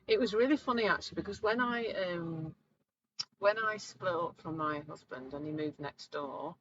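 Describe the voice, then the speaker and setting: A woman in her forties, a coach hosting a live talk, telling stories in an animated, chatty way. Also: lowish voice, moderate pace, slightly rough, muffled recording. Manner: chatty, animated storytelling, acts out voices. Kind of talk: live online talk answering viewers.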